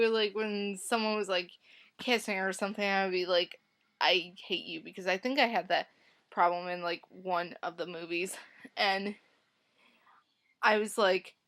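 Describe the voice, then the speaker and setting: Woman, casual vlog, gushing, rambling, many fillers, loud bursts and soft asides, mid pitch. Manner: gushing and rambling, lots of "like" and restarts; emotional, jumps between loud outbursts and soft asides. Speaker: vlogger reviewing a film.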